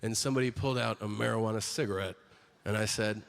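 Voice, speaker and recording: A comedian doing his gruff, stern veteran dad. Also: lowish voice, steady tone, fast, slight background noise, pitched below the performer's own voice. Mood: blunt. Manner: blunt, matter-of-fact. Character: gruff middle-aged veteran father, blunt and stern.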